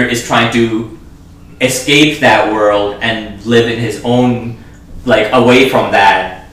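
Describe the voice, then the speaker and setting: Guy rambling about a movie, lowish voice, sounds far off in a really echoey room. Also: a bit bright. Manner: rambling, many fillers and restarts. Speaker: film podcast co-host. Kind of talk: casual film discussion.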